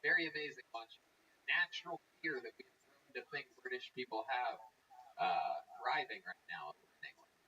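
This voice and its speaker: A man's voice: mid-range voice, big pitch swings, moderate pace, pushed and bright. A man hosting a show, chatting with a guest in crude, teasing banter. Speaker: show host. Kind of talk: casual joking chat with a guest. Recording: dull, distant sound with faint noise.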